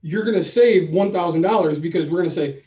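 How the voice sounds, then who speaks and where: A man co-hosting a podcast, telling a story in a casual, animated way and acting out both sides of the conversation. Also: high voice, fairly quick. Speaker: podcast co-host. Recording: roomy, distant, dull sound.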